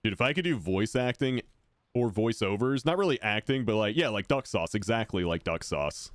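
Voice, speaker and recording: A man with a deep voice chatting casually and rambling while he streams a game. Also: lively intonation, moderate pace, no echo, clean studio sound. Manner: rambling, self-correcting, laid-back. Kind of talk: casual chat while gaming.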